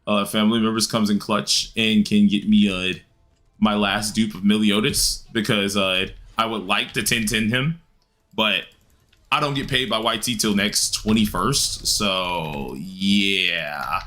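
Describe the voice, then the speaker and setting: A man streaming a game live, chatting casually with viewers and grumbling loudly at the game in an excitable way. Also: fairly low pitch, measured pace. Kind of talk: live-stream gameplay commentary answering chat.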